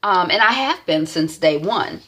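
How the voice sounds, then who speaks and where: Lady putting on a flirty grown woman, coaxing and sing-song, bright voice. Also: on the low side, lively intonation, a little slow, slightly rough, full character voice. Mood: flirty pleading.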